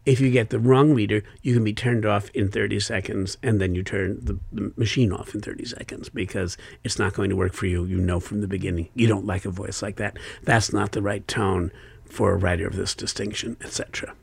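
A man's voice: on the low side, steady tone, brisk, vocal fry, breathy edge, no room sound. An older man, an author being interviewed, talking in a thoughtful, wry and expansive way. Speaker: author guest. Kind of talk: conversational interview.

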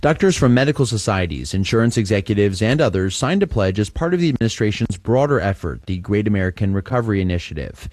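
A man reading a scripted radio news report as a correspondent, calm and level. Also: lowish voice, fast, few pauses, no echo, clean studio sound.

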